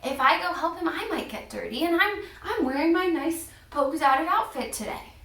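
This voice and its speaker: Woman doing a high whiny vain guy, fussy, from far off in an echoey room. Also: animated, moderate pace, sharp tone, heavily acted. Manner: whiny, self-centered. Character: fussy vain man worried about his outfit and lunch.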